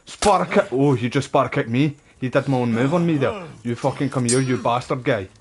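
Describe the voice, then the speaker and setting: A man, doing casual gameplay commentary in profane, excitable banter. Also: mid-range voice, a little fast, a little hiss or hum. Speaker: game streamer.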